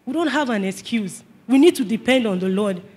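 A man's voice: very high-pitched, lively intonation, fairly quick, a little mellow, slightly rough. A male pastor preaching a sermon emphatically, repeating his points and calling on the congregation to respond. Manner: emphatic, repetitive, calls for response.

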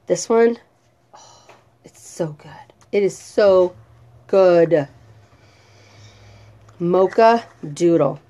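A woman vlogger in an easygoing, chatty style, speaking slowly and stretching her words. Her pitch rises and falls a great deal as she talks, and she reads product blurbs aloud between her own remarks. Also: a little mellow. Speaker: vlogger reviewing home fragrance products. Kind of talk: casual chat.

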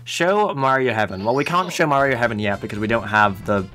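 A man's voice: on the low side, animated, fast, bright, forceful tone, faint music behind. A man streaming a video game, making casual commentary full of joking, self-mocking asides.

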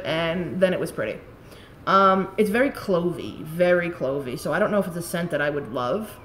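A woman's voice: on the low side, animated, moderate pace, a little hiss or hum. A woman, rambling and swearing casually as she chats on a live stream about beauty products. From Staten Island, New York. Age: late 30s.

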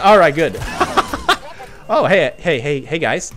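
A man commentating his own video game run, swinging from low mutters to excited yelps and laughter. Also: takes it slowly, pauses often. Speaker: gaming channel host. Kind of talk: let's play commentary. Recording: game music behind. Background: game music.

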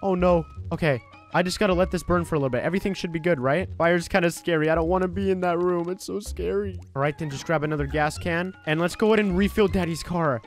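Fast-talking, excitable young man gamer. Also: high voice, soft background music. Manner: excitable, yelps and gasps. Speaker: gaming YouTuber. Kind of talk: excited gameplay commentary, playing a baby.

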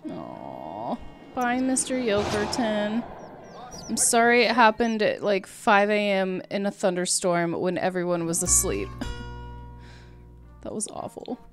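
This streamer's voice is mid-range and creaky as she casually comments on her life-sim game. She chats away, speaks to her characters and laughs frequently.

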